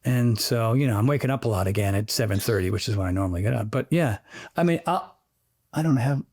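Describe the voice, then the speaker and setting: A man, a fitness trainer, chatting as an interview guest, telling animated, rambling stories peppered with sound effects. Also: mid-range voice, quick pace. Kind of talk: casual interview chat.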